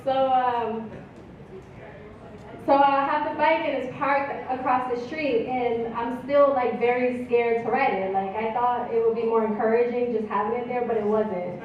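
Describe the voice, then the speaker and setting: A woman's voice: a little high, steady tone, measured pace. A woman telling a personal story on stage at a live event, chatty and often laughing. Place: outdoor ballpark stage. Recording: echoey, distant, dull live recording.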